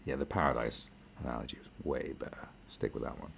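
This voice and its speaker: A man's voice: extremely low pitch, moderate pace, gravelly, fairly bright tone, slight background noise. A British man hosting a podcast, delivering a sarcastic, profane rant. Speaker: podcast host. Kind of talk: podcast monologue.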